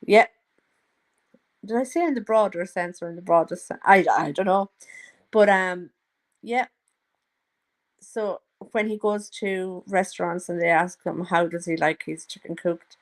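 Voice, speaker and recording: A woman's voice: lowish voice, unhurried. A woman chatting casually to her viewers in a gossipy, teasing way, now and then putting on mocking voices. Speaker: vlogger. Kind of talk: casual chat to a live audience.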